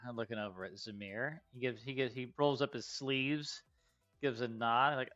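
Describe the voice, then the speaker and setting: A man runs a tabletop game, narrating in a halting way with many fillers. His voice is bright and clear, on slightly lo-fi stream audio with faint music underneath. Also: mid-range voice, fairly even intonation. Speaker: game master.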